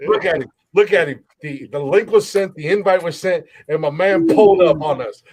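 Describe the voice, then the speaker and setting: A man's voice: on the high side, moderate pace, darkish tone, husky. Teasing, hype-man podcast host. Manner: teasing, hyping up the guest. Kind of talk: rowdy comedy podcast banter.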